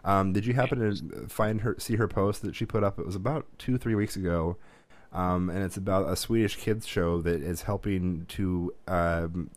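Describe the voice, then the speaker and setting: A man's voice: low-pitched, moderate pace, dry recording. A man co-hosting a podcast, telling rambling family stories in casual chat with restarts and laughs. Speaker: podcast co-host.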